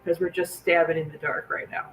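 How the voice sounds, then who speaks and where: A man playing a tabletop game in character, talking in a plain, measured way. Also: fairly high pitch, little pitch movement, a bit bright, distant mic, a little hiss or hum, low-quality recording. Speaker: player.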